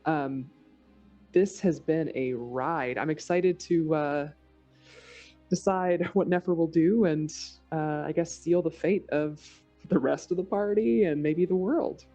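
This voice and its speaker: A woman's voice: low-pitched, takes it slowly, mellow, muffled recording, faint music behind. A woman player in a tabletop game, chatting casually and upbeat, with filler words. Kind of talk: casual chat.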